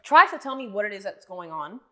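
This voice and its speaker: A woman attorney co-hosting a podcast, telling animated stories and acting out phone callers in a casual chat. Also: mid-range voice, a little fast.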